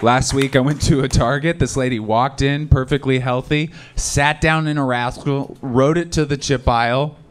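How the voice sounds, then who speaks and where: A male stand-up comedian from the Seattle area, doing a conversational live set with deadpan punchlines and loud impressions of angry people. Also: medium pitch, moderate pace, hardly any pauses, smooth. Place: comedy club stage. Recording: live club recording with crowd laughter. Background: audience laughter.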